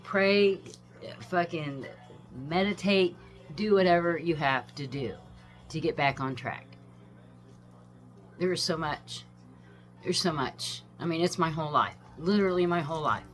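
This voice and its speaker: A woman's voice: sits low, unhurried, long pauses, faint music behind. Rambling, profane woman in her fifties. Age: 50s. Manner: emotional, profane, meandering, frequent sighs and laughs. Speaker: vlogger. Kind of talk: rambling personal monologue.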